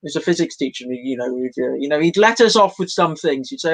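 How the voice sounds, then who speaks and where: A man's voice: a little high, expressive, a little fast, creaky, rough recording. A young man doing a meandering, self-deprecating stand-up set at home for an online showcase, full of fillers and restarts. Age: young adult. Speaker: stand-up comedian.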